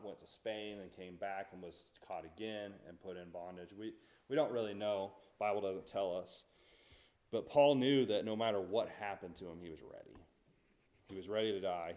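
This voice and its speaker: A man's voice: low voice, darkish tone. A man teaching a Bible study in a church, talking conversationally and asking the class questions.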